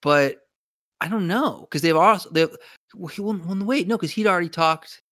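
A man's voice: high-pitched, moderate pace, pushed and bright, no room sound. Guy talking about a tv show, rambling, lots of restarts, dry sound. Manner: rambling, frequent restarts, laughs often. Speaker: podcast co-host. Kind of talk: casual chat about a TV show.

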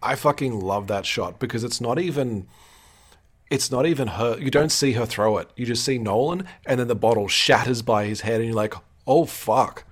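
A man's voice: mid-range voice, moderate pace, breathy edge. A man co-hosting a podcast, chatting casually and swearing freely as he reacts to a show. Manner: animated, swears freely, acts out quotes. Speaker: podcast co-host. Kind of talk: casual recap chat.

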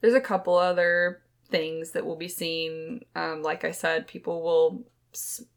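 A woman's voice: sits low, little pitch movement, a little slow, gravelly. A young woman hosting a podcast, telling ghost stories in a rambling, chatty way with lots of fillers, close to the microphone. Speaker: podcast co-host. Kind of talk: casual storytelling chat.

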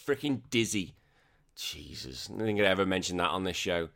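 A man's voice: low-pitched, a little fast, vocal fry. A man hosting a podcast, chatting casually and ranting with lots of swearing. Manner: animated, swears a lot, exasperated rants. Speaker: podcast host.

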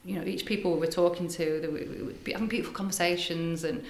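An older woman, a spiritual healer, telling stories in a casual interview, animated and dropping into hushed asides. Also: on the low side, fast talker. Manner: animated, breathy storyteller, drops to hushed asides. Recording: echoey room.

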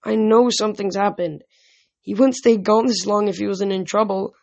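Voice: medium pitch, fairly even intonation, normal speed, vocal fry, darkish tone, lightly acted. A reader doing a tearful young tree nymph. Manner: sniffling, pleading, then defiant. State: crying. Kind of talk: audiobook reading.

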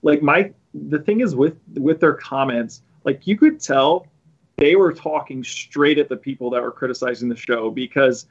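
A man's voice: mid-range voice, moderate pace, dull audio. A man hosting a podcast, chatting casually and sarcastically with lots of restarts. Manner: rambling, many restarts, sarcastic asides. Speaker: podcast host. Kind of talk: casual chat.

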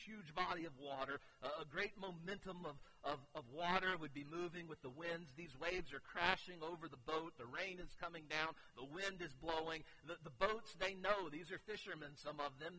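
A man pastor preaching a sermon to his congregation, swinging from hushed, quiet passages to loud, urgent outbursts. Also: sits high, low-quality recording. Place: church sanctuary.

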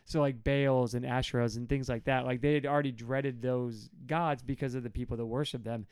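Smooth, dry-sounding man, casual podcast co-host, rambles with lots of fillers. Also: steady tone, brisk, a little mellow, no echo. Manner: rambling, many fillers, acts out quotes in a high whiny voice. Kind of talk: casual Bible study chat.

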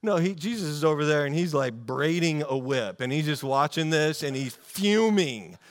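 A man preaching a sermon in a casual, animated storytelling way, with many fillers and restarts. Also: a little high, moderate pace. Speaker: pastor.

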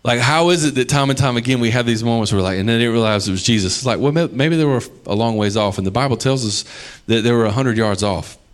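A man's voice: mid-range voice, fast. A man preaching a sermon in a casual, conversational way, acting out the people in the stories he tells. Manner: conversational, animated storytelling with acted-out quotes. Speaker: pastor.

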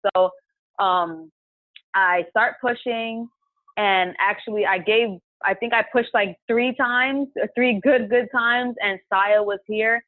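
A woman's voice: medium pitch, fairly even intonation, unhurried, no echo. A woman guest on a podcast telling her own story in a chatty way, filling her talk with "like" and acting out what she said at the time. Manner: chatty, heavy use of "like", retells her own past words aloud. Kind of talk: casual personal storytelling. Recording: tinny phone-line sound, dry.

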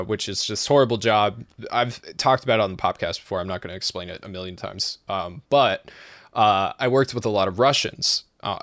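A man's voice: low-pitched, fairly bright tone, no echo, clean studio sound. A man from the East Coast of the United States hosting a podcast, rambling casually with lots of fillers and swearing. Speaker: podcast host.

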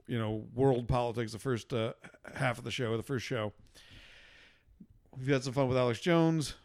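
A man co-hosting a casual podcast, joking and self-deprecating, often stumbling and restarting his sentences. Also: mid-range voice. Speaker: podcast co-host. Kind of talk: casual banter.

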